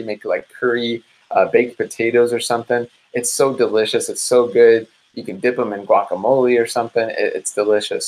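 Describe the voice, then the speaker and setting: A man's voice: mid-range voice, rough recording. A man in his twenties or thirties hosting a live diet support session, talking casually and energetically and calling viewers "guys". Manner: mimics listeners in animated quoted asides. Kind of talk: casual live-stream advice talk.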